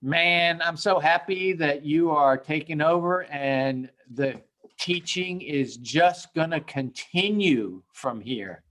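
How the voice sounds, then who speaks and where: A man's voice: a little high, takes it slowly, fairly bright tone. A man hosting a live day trading room, chatting in an upbeat, chummy, rambling way. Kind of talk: casual live trading chat.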